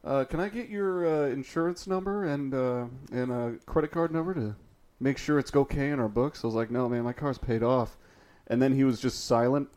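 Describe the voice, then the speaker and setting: A young man co-hosting a casual podcast, joking and swearing in quick back-and-forth talk. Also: medium pitch, a little mellow. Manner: joking, profane, quick reactions. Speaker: podcast co-host. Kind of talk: casual chat.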